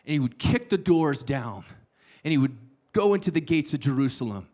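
A man preaching a sermon, telling the story with playful asides and sudden hushed lines. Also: fairly high pitch, sing-song, normal speed. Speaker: pastor.

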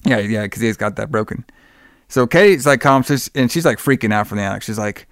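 A man's voice: medium pitch, a little fast, dry recording, studio quality. A man casually recapping a movie plot, rambling with many fillers and acting out the characters' lines in a raised voice. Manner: rambling, lots of fillers, acts out quotes in a raised voice. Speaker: podcast host recapping a movie. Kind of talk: casual chat.

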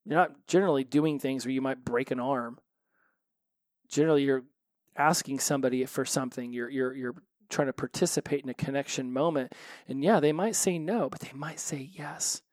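A man's voice: mid-range voice, normal speed, a little mellow, dry recording, studio quality. A man hosting a solo recovery podcast, talking earnestly and animatedly, often repeating phrases for emphasis.

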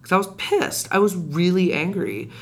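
A man telling a personal story in casual podcast chat, animated and rising in pitch when reliving heated moments. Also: normal speed, gravelly. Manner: frequent restarts and fillers, conversational. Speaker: podcast guest.

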